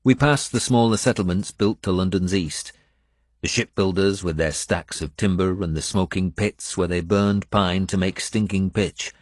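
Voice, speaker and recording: Deep, slow male audiobook narrator. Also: no echo, studio quality. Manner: steady, measured storytelling. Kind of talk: first-person audiobook narration.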